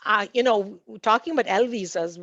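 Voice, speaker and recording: A woman's voice: mid-range voice, normal speed, a bit bright, no echo. Woman, panel talk, hesitant with fillers and restarts, dull lo-fi sound, dry close recording. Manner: hesitant, many fillers and restarts, laughs at own anecdotes. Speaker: panelist at a community meeting. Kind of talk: conversational panel remarks.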